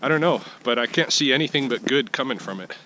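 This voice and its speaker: In a rough recording with outdoor ambient noise behind him, a man gives his casual weekly vlog update from the backyard. His medium-pitched voice is pushed and bright, with lively intonation and a quick pace, and he thinks aloud with plenty of fillers and restarts.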